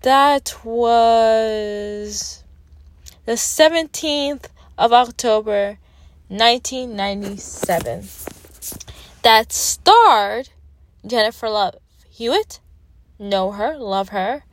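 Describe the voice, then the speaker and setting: Her voice is fairly high and animated, delivered very slowly with long pauses. She's a young Canadian-accented vlogger giving a casual, chatty movie review from her parked car, emphatic and self-deprecating.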